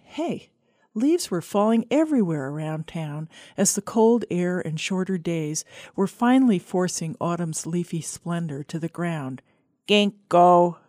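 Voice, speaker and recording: Middle-aged woman, scripted essay narrator, low mellow voice, dry close sound, calm and reflective. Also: dry recording. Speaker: radio essayist.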